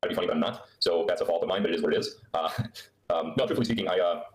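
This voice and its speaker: Deep-voiced man talking very fast. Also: reverberant, rough recording. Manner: rambling, sarcastic. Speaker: livestream host. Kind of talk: live Q&A stream chat. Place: indoor room on a trip. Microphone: laptop microphone.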